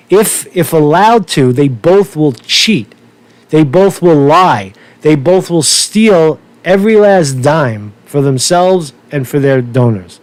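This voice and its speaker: Heated, profane New man. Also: on the high side. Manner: profane, heated, repeats himself. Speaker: political commentary vlogger. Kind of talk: angry political rant.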